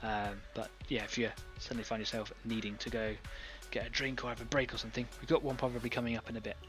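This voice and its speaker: Man, live-stream painting host, chatty, thinks aloud with fillers, mid-pitched, soft music underneath. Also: flat delivery, fast talker. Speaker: online painting club host.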